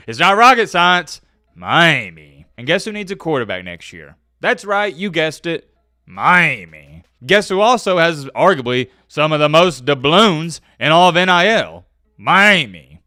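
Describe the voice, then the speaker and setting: A man's voice: medium pitch, bright, forceful tone, smooth, no room sound, clean studio sound. A man hosting a sports commentary channel, talking casually to camera with playful hype and rhetorical questions.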